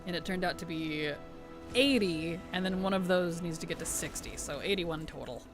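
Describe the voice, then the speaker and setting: A man's voice: a little high, moderate pace. A man chatting casually on a game live stream, answering viewer chat with easy laughs. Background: background music.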